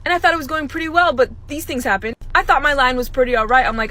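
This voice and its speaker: A young woman, a substitute teacher, telling a story about her day in an animated way, acting out what people said. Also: high voice, brisk, few pauses. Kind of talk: casual storytime.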